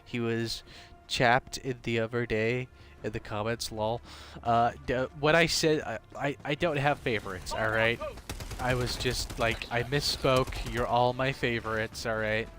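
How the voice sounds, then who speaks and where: A man's voice: mid-range voice, steady tone, unhurried, fairly bright tone. A man streaming a game live, chatting casually with his viewers in a rambling way, full of fillers and restarts. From half British.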